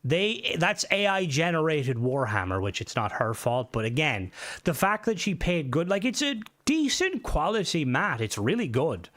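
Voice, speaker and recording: A man's voice: a little high, very animated, moderate pace, fairly bright tone. A young man hosting a casual live stream, rambling through stories and swearing often into a desk mic. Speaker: livestream host.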